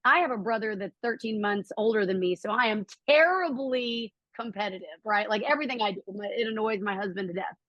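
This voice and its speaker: A middle-aged woman telling a personal story as a podcast guest, acting out quotes with lively jumps in her voice. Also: a little fast, hardly any pauses, dry recording, highs cut off. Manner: animated, acts out quotes with lively pitch jumps.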